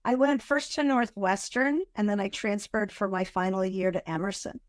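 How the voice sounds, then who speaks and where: A woman's voice: medium pitch, steady tone, normal speed, dry recording, clean studio sound. Articulate radio-trained woman guest. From Massachusetts, USA. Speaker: guest, author and former radio news director. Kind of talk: casual interview chat.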